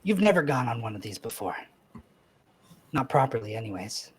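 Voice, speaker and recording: A man voicing an excitable little female tinkerer who blurts things out loudly and brashly. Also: normal speed, slightly rough. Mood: indignant. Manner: shrill, loud, blurting.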